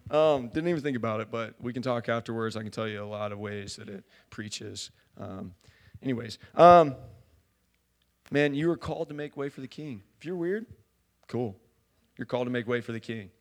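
A man preaching a sermon in a church, talking casually with many fillers and building to loud fervor. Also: medium pitch, moderate pace. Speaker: pastor.

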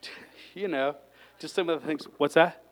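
A man's voice: a little high, moderate pace, poor audio. A man preaching an emotional sermon, getting worked up, sighing and exclaiming between points. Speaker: lay preacher.

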